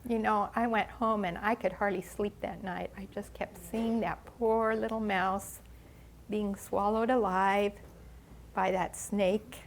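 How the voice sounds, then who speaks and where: A woman's voice: medium pitch, fairly even intonation, a little hiss or hum. An older woman telling a story dramatically at a ministry gathering, gasping, sighing and stretching out the suspense. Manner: dramatic, with gasps, sighs and drawn-out pauses. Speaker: ministry speaker. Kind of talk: animated children's storytelling. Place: church gathering.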